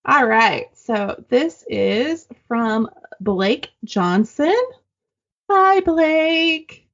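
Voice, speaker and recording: A woman co-hosting a podcast, reading listener stories aloud in casual, animated chat and swearing freely. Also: on the high side, very slow. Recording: dull lo-fi sound.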